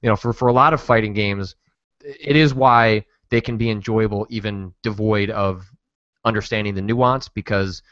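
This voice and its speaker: A man's voice: fairly low pitch, fairly even intonation, moderate pace, a bit bright, no echo. A man hosts a casual podcast chat and rambles through his points with hesitations. His voice sits in a middle range. The sound is dry and slightly muffled. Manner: rambling, hesitant, lots of restarts. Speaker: podcast host.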